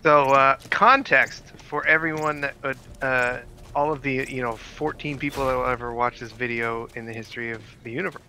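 A man's voice: mid-range voice, fairly even intonation, moderate pace, pushed and bright. A man chatting casually while playing a video game, telling stories that ramble and restart. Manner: rambling storyteller, restarts often, laughs at his own stories. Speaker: gaming host. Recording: noisy voice chat recording.

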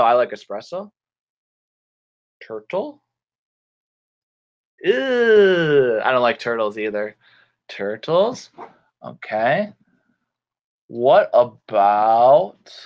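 Male kids' English teacher, playful and animated, slow and clear, with a very lively pitch. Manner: playful, animated, uses sound effects. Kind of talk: teaching a children's English class.

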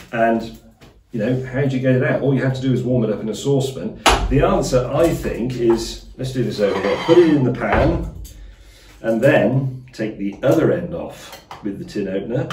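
Dry, deadpan man in echoey room. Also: medium pitch, noisy background. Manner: deadpan, self-mocking asides, slow deliberate pauses. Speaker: cooking show host. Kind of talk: dry, wry solo cooking chat. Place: small underground kitchen, alone. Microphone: phone and tablet cameras set up in the room. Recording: echoey room, mic at a distance.

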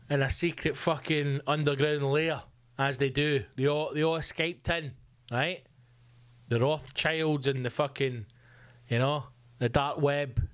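A man's voice: on the high side, no room sound. A man hosting a podcast, ranting comically with sarcastic swearing asides. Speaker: podcast host. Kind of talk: comic rant. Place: home room.

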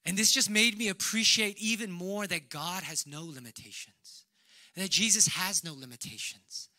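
A young man preaching a conversational sermon who acts out dialogue and drops to a hush on tender lines. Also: high voice, measured pace, long pauses, no room sound. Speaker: pastor.

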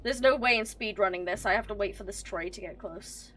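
A woman streaming a game live, excitable and swearing, talking to the game characters and to her chat. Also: medium pitch, brisk, slight background noise. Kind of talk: live gameplay commentary.

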